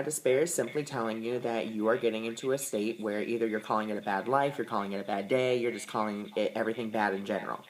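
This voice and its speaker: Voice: mid-range voice, rough recording. Earnest voice explaining tarot cards. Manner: earnest, reassuring, repeats words for emphasis. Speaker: tarot and oracle card reader. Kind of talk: casual explanatory talk to camera.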